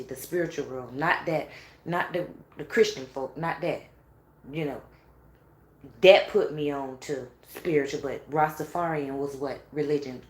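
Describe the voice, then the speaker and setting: A woman telling a spiritual story in a casual monologue, animated and profane, with laughing asides. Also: low voice, echoey room.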